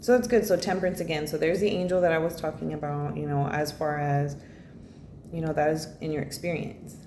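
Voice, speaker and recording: A woman's voice: low voice, level tone, brisk, mellow. A woman giving a casual spoken tarot reading, blunt and rambling, swearing freely and filling her talk with "you know" and "like.". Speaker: tarot reader. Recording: echoey room with faint noise.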